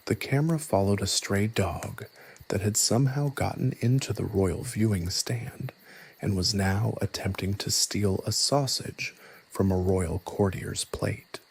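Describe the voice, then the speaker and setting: A man narrating a scripted story in a soft, hushed, evenly paced reading voice. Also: fairly low pitch, measured pace, creaky, a little hiss or hum.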